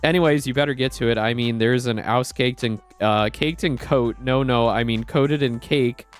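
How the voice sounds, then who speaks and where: A man voicing a blustery male lizard handyman in an exaggerated, deliberately bad Cockney accent. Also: mid-range voice, clean tone, faint music behind, natural voice. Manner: exaggerated Cockney put-on, breaking into laughter.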